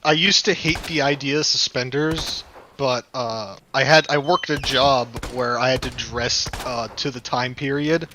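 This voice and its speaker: Bright-voiced man telling laid-back stories. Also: mid-range voice, measured pace, slight background noise. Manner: relaxed storyteller, laughs at his own pranks. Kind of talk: casual anecdote telling.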